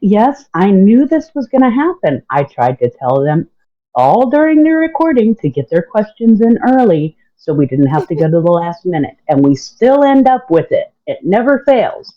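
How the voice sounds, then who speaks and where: A woman's voice: mid-range voice, sing-song, moderate pace. A woman producer relaying listener questions on a podcast, wry and teasing. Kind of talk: casual podcast chat. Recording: dull lo-fi sound.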